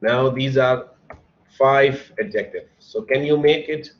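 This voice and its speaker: Patient male teacher on a dull call line. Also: mid-range voice. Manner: patient, drawn-out explaining, spells words letter by letter. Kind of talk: online English grammar lesson. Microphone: computer mic on a video call. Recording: dull lo-fi online call audio.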